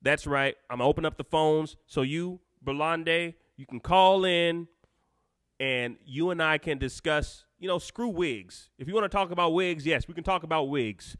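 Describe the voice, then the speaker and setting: An excitable male host chatting off the cuff on a live stream, rambling through restarts and fillers. His voice is forceful and sharp with a slightly high pitch, recorded dry and close with no room sound. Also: moderate pace, no echo. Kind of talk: unscripted casual live-stream chat.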